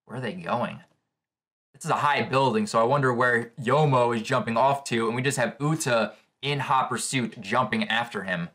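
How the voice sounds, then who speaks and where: A man giving live reaction commentary on a comic chapter, excitable and thinking aloud with restarts. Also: medium pitch, normal speed. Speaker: comic reaction channel host.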